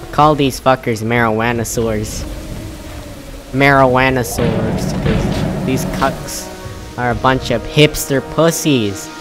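A young man casually commenting on gameplay, profane and excitable, slangy and laughing. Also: mid-range voice, slow pace. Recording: game music playing behind.

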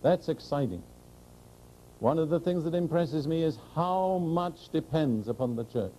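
A man preaching a sermon to a congregation, speaking earnestly and directly, asking rhetorical questions, and slowing down to proclaim scripture. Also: on the high side, animated, dark tone, slight background noise, rough recording. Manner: slows and rises to proclaim scripture.

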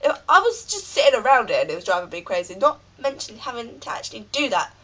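A woman's voice: a little high, sing-song, fast, bright, forceful tone, rough recording. Chatty British woman with a cold. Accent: British English. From Britain. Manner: rambling, chatty rant with frequent fillers. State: has a cold. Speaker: vlogger. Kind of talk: ranting vlog.

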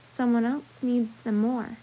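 A woman reading as a soft-spoken wise enchantress. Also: a little high, flat delivery, slightly rough, rough recording. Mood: calm. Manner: soft, quiet, measured.

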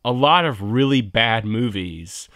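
A man's voice: mid-range voice, lively intonation, a little slow, fairly bright tone, no room sound, clean studio sound. A man giving emphatic, conversational opinion commentary for his video channel.

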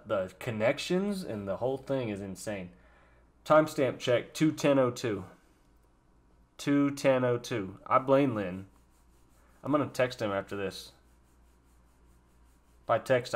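A young man streaming his live reaction to a musical, excitable, emotional and swearing often. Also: mid-range voice.

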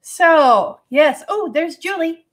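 A woman's voice: very high voice, animated, takes it slowly. A woman hosting a live painting demo, chatty and folksy, talking to her paint as she works. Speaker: host.

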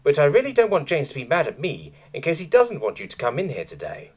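Curie, a man doing a flat-toned robot. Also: on the high side, fast, slightly rough, voice pushed up, full character voice. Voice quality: flat mechanical tone. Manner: nervous, hesitant, literal-minded. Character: timid monotone robot mechanic, hovering.

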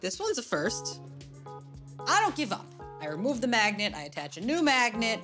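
A woman nail artist talking through her work in a reality show, upbeat and quick to laugh. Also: a little high, very animated, music in the background. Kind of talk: reality show narration and salon chat.

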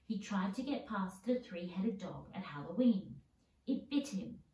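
A woman's voice: medium pitch, animated, unhurried, warm tone. A woman reading the part of a curious, eager schoolboy wizard, recorded in a roomy space from a distance. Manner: eager, questioning. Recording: roomy sound, mic at a distance.

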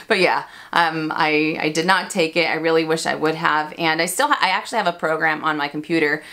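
A woman's voice: sits low, fairly bright tone. A chatty American woman hosting a handbag Q&A vlog, laughing often and poking fun at herself. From United States. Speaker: luxury handbag YouTuber. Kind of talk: casual Q&A vlog chat.

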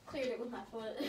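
A young woman keeping score aloud during a casual game, chuckling as she talks. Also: high voice. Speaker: knee hockey player and scorekeeper. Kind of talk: casual play-by-play banter. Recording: echoey room, distant mic, loud noise.

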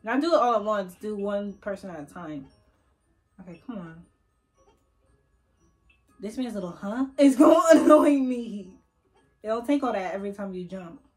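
A woman's voice: mid-range voice, expressive, normal speed, pauses often, warm tone. A young woman giving casual let's-play commentary at her computer, chatting to the viewers and coaxing and teasing the game characters. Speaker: gaming YouTuber. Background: faint game music.

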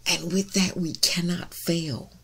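Lady preacher, loud and emphatic, raspy gravelly voice. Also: lowish voice, fairly even intonation, takes it slowly. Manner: emphatic, says she is loud, shouts key words. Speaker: minister. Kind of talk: sermon.

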